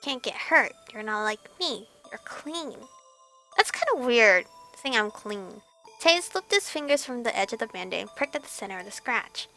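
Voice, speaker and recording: A woman hosting a let's play, reading a visual novel aloud and reacting in an animated, exclaiming way. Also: on the high side, normal speed, faint music behind.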